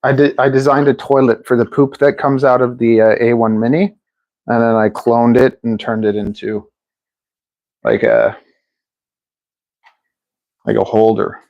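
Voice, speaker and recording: A man's voice: medium pitch, little pitch movement, unhurried, vocal fry, long pauses, dull audio. A man talking casually on a live stream at home, rambling and restarting sentences as he shows off things he designed. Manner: chatty, rambling, often restarts sentences and laughs at himself. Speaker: streamer and drone builder. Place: indoors at home, near a kitchen sink.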